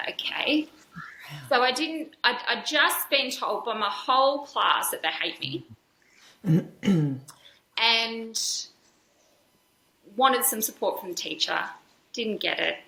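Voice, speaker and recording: A woman's voice: a little high, animated, slow pace, vocal fry, long pauses, pushed and bright, echoey room, rough recording. A woman, a podcast guest, telling a personal story candidly and earnestly, with frequent fillers and restarts. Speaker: podcast guest, dance school founder.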